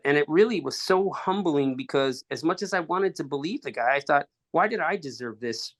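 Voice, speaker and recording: A man telling a personal story as a podcast guest, in halting phrases with restarts, acting out quoted dialogue. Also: on the high side, a bit bright.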